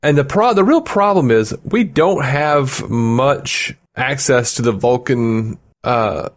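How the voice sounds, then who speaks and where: Male podcast co-host, mid-pitched, loose rambling delivery with laughs. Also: lively intonation, slow. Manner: rambling, laughs often, many fillers. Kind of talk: casual chat.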